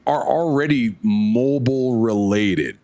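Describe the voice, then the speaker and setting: A man's voice: medium pitch, takes it slowly, dark tone, no room sound. A man co-hosting a casual gaming podcast, rambling and teasing his friends. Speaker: podcast co-host.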